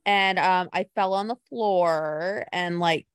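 A woman's voice: lowish voice, slow, smooth, no room sound, studio quality. Chatty woman gushing about wrestling. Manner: animated, gushing storyteller. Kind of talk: casual chat.

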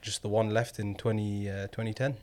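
A man's voice: lowish voice, little pitch movement, a little mellow. A man hosting a casual football podcast, quizzing his co-hosts and drawing out his questions. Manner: quizzing co-hosts, teasing, drawn-out prompts. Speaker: podcast host.

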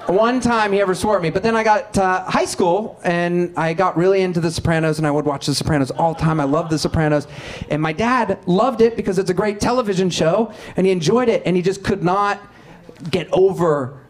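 A man telling comic stories as a guest comedian, animated and laughing as he goes. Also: high voice, brisk. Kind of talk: comic storytelling.

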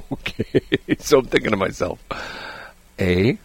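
Animated male radio host, lively. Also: lowish voice, slow, vocal fry, slightly rough, dry recording. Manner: animated storyteller, laughs often. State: slightly hoarse. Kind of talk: casual radio banter. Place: radio studio. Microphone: studio microphone.

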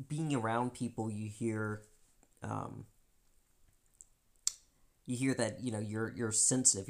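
Low gravelly woman chatting candidly. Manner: animated, acts out quoted voices, laughs often. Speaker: podcast co-host. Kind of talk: candid personal chat.

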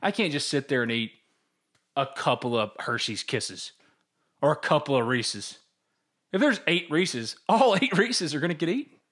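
Animated man on a podcast. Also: fairly high pitch, moderate pace. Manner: candid, animated storytelling with quoted inner voices. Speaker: podcast co-host. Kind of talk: casual sports podcast chat.

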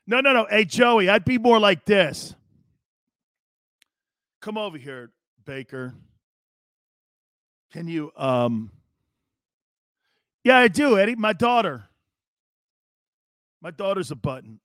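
A man's voice: a little high, a bit bright, no echo, clean studio sound. A man in his fifties hosting a live sports talk show, ranting in a brash, sarcastic and blunt way.

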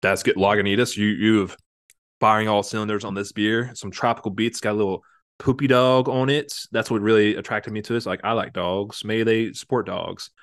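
Young man, casual podcast host, joking, slightly drunk, low voice, dry close sound. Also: fairly even intonation, fairly quick, dry recording. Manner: joking, rambling, tipsy banter with fillers. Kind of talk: casual chat.

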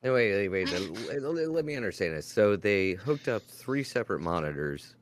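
A man co-hosting a casual podcast chat who keeps cutting in with quick questions and jokes. His voice is very low. The recording is dry and close. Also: sing-song, no room sound. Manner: quick interjecting, joking. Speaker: podcast co-host.

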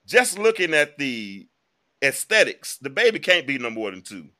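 A man's voice: on the high side, sing-song, moderate pace, pushed and bright. A man hosting a live online talk show, giving casual, emphatic commentary and speaking straight to his viewers. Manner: chatty, emphatic, addresses viewers directly.

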